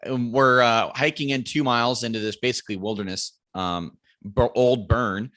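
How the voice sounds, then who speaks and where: A man as a podcast guest, telling a hunting story in a casual, animated way. He swears freely and raises his voice to quote friends yelling. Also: mid-range voice, moderate pace, no room sound. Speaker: podcast guest, bow hunter.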